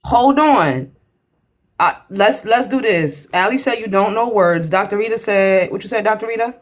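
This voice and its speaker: A woman's voice: medium pitch, lively intonation, normal speed. A woman hosting a livestream panel over an online call, blunt and mocking, cutting in on a heated casual debate.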